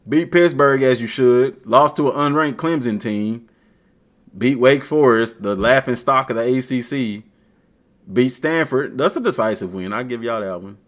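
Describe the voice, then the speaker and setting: A man with a medium-pitched voice and a measured pace chats casually while browsing a game on stream. As a gaming streamer he's animated, slangy, and full of trash talk.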